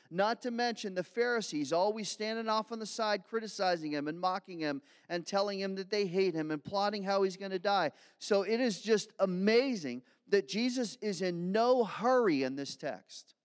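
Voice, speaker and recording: High-voiced preacher in an echoing hall. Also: male voice. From Philadelphia, USA. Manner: conversational, self-deprecating, acts out quotes. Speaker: pastor. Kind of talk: sermon. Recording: long hall reverb.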